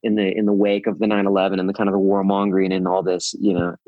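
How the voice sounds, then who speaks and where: A man's voice: low-pitched, completely flat delivery, fast talker, no room sound, phone-quality sound. Rambling man with a Californian accent. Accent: Californian American. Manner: rambling, many restarts and fillers, laughs often. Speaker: guest musician. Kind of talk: casual interview chat.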